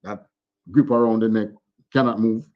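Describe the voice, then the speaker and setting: Low-voiced man on a lo-fi call. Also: steady tone. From Jamaica. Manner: halting, repeats words, asks questions. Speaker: religious teacher. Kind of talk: online scripture class.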